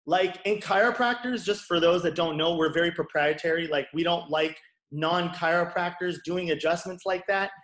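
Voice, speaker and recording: A man's voice: fairly high pitch, normal speed, fairly bright tone, echoey room. A man in his forties, a chiropractor and bodyworker, telling his story frankly in an interview and swearing casually. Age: 40s.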